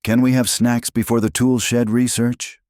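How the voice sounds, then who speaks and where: A man's voice: medium pitch, moderate pace, no room sound, studio quality, voice pushed up, close to an everyday voice. A man voicing a small, eager alien cub child in a narrated sci-fi story. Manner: eager, excited.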